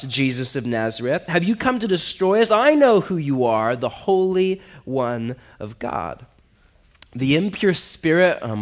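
A pastor preaching a sermon in a lively, conversational way, talking straight to his listeners. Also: on the high side.

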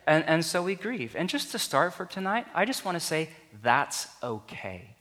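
A man's voice: a little high, animated, moderate pace, hardly any pauses, pushed and bright. A man preaching a sermon in an earnest, conversational way, his voice rising for emphasis. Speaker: pastor. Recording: long reverb of a large hall.

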